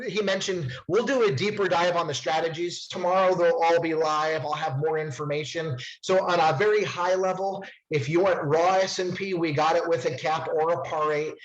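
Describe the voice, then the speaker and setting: Upbeat high-voiced man pitching to agents. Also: muffled recording. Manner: upbeat, salesy, quick asides to agents. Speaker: presenter to insurance agents. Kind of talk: sales product presentation.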